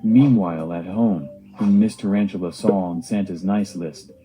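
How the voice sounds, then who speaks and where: A man's voice: low-pitched, normal speed, mellow, faint music behind, rough recording. A man narrating a homemade cartoon video diary with simple, earnest storytelling.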